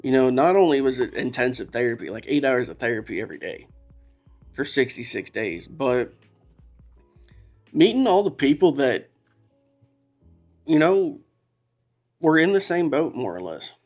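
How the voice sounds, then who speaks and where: Guy opening up on a podcast, candid and emotional, rambles a bit, soft music behind. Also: mid-range voice, very animated, normal speed, pauses often. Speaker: podcast guest. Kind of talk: casual storytelling.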